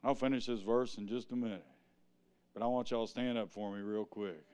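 A man preaching a sermon in a church, swinging from quiet asides to loud, lifted preaching. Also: fairly low pitch, steady tone, a little fast, smooth.

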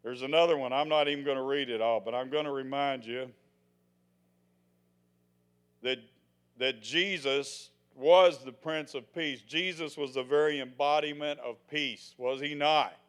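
An older man preaching a sermon in a folksy way, swinging from loud proclamations to hushed asides. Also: mid-range voice, steady tone, normal speed. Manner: folksy, acts out the scenes he tells.

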